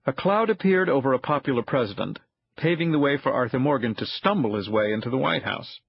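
A man reading an audiobook thriller in an even, measured scripted narration. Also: medium pitch, gravelly, breathy edge, no room sound, lo-fi sound.

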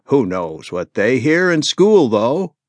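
A male audiobook narrator voicing a calm, patient father in a quiet, lowered voice. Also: takes it slowly, dry recording. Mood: defensive. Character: calm, steady father, low-key and patient. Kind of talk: audiobook character voice.

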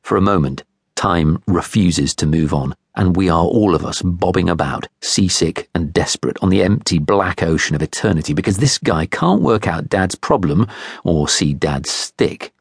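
A man narrating a literary audiobook in a measured, wry first-person style. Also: low-pitched, expressive, creaky, breathy edge, no room sound. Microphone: close studio microphone. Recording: dry close studio recording.

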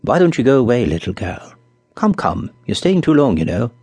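A man voicing a kindly but cautious coffee-stall keeper who speaks in a low, confidential tone, in a storybook reading. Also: sing-song, normal speed, warm tone, husky, dry recording. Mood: gruff.

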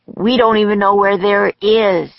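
A woman's voice: mid-range voice, fairly even intonation, unhurried, no echo, highs cut off, voice pushed up, lightly acted. A woman voicing a cautious, bookish young boy in a storybook, speaking in a careful, insistent way.

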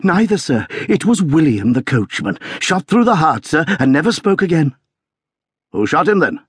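A man's voice: on the high side, very animated, fast, a bit bright, slightly rough, dry recording, clean studio sound, pitched above the performer's own voice, exaggerated voice. A man voicing a flustered elderly butler who gasps out urgent news with deference. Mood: alarmed.

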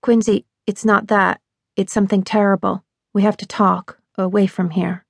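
A shaken, sleepless young woman, as a woman narrator plays her in an audiobook, speaking low and urgently. Her voice sits at a middle pitch. The recording is dry and close. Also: flat delivery, normal speed, vocal fry, breathy edge, no echo.

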